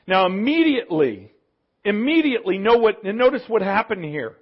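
A man's voice: sits high, big pitch swings, moderate pace, highs cut off. A man preaching a conversational sermon, leaning on asides and rhetorical questions to his listeners. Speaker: pastor.

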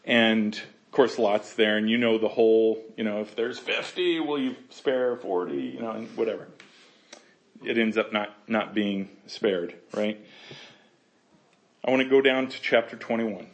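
A man's voice: fairly low pitch, unhurried. A man leads a verse-by-verse Bible study. He reads each passage aloud and then talks it over casually. He laughs easily and acts out the characters' lines. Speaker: Bible teacher.

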